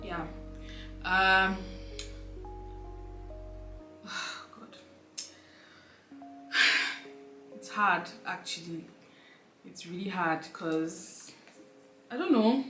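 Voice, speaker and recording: A woman's voice: lowish voice, flat delivery, extremely slow, long pauses, sharp tone, echoey room, faint music behind. A young woman giving an emotional sit-down life update, rambling with many fillers and close to tears. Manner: rambling, filler-heavy, heartfelt. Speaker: lifestyle vlogger.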